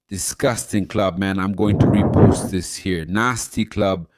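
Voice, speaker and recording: A man's voice: low-pitched, fairly even intonation, measured pace, few pauses, slight background noise. A man from Brazil hosting a football channel, ranting with indignant, repetitive exclamations. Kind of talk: ranting fan commentary.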